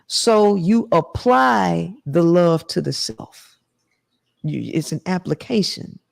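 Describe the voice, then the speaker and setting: A woman hosting a live call-in show, talking in a slow, emphatic, preachy way. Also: fairly low pitch, animated, gravelly. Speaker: host.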